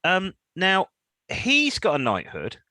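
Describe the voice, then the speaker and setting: Male co-host, sardonic news banter, animated swings in pitch, dry close recording. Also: takes it slowly, dry recording, low-quality recording. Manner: sardonic, laughing, reads news items aloud with mocking asides. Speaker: podcast co-host. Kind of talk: casual banter reading news.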